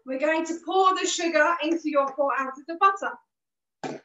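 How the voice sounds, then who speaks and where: A woman with a high voice leads a cooking lesson in a kitchen, giving patient, encouraging instructions. Her throat is a bit rough, with the odd cough. She sounds a step away from the mic, in a roomy space with dull, muffled sound. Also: unhurried, pushed and bright, distant mic, a little hiss or hum. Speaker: cooking class host. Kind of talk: live online cooking lesson.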